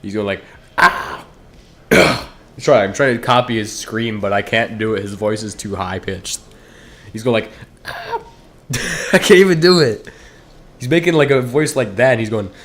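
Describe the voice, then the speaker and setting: A man chatting casually to his viewers while streaming a game, rambling and cutting himself off mid-sentence. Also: fairly low pitch. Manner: rambling, self-interrupting, talks straight to chat.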